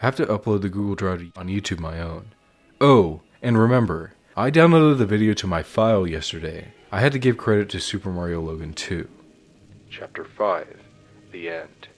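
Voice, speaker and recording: A man reading out a fan horror story in a mock-dramatic, deadpan way. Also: deep voice, normal speed. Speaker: narrator.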